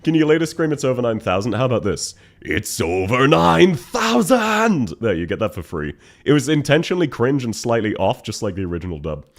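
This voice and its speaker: A man's voice: on the low side, sing-song, quick pace, few pauses. A young man chatting on a live stream, laughing often and thanking his viewers. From Australia. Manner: emotional, laughing between words, thanking chat. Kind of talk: casual live-stream chat.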